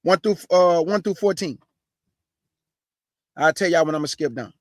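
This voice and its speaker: A man's voice: a little high, normal speed, no room sound, studio quality. A man preaching a fiery sermon, speaking in a blunt, streetwise and combative way and reading scripture aloud with rising emphasis.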